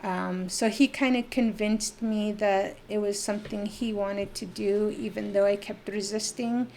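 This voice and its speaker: A woman's voice: mid-range voice, steady tone, unhurried, gravelly, a little mellow, slight background noise. A middle-aged woman from the Navajo Nation area, a podcast guest telling a personal story in a rambling way and acting out the voices of the people she quotes. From Navajo Nation area, US Southwest.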